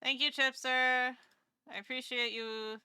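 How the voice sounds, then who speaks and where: A woman's voice: sits high, fairly even intonation, unhurried, bright, forceful tone, clean tone, no room sound, clean studio sound. A woman VTuber streamer chatting casually with her viewers live, rambling and self-deprecating, gushing over kind messages.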